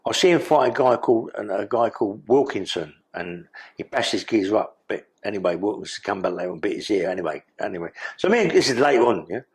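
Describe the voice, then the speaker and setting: A man's voice: on the low side, animated, fast talker, hardly any pauses, slightly rough. An older man with a London accent telling his life story in an interview, blunt and streetwise, swearing freely. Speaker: guest.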